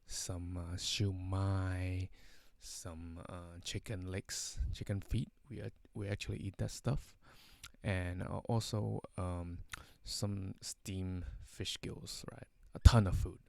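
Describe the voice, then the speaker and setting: A man's voice: low voice, little pitch movement, takes it slowly, creaky, a little mellow, no room sound. A man telling a casual anecdote, rambling with many fillers and tag questions. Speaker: storyteller.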